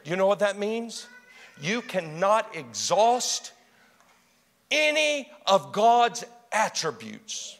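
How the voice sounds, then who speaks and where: A man preaching a sermon, swinging from hushed, intimate passages to loud, shouted exclamations. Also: high voice, big pitch swings, slow, long reverb tail.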